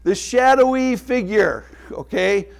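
This middle-aged pastor preaches slowly in a high-pitched, creaky voice with lively intonation. He laughs while telling stories about his family and turns hushed when he prays.

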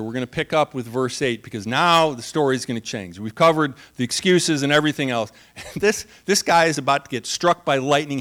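Male pastor, high voice, chatty and funny, sermon delivery. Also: a bit bright. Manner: conversational, humorous, laughs often.

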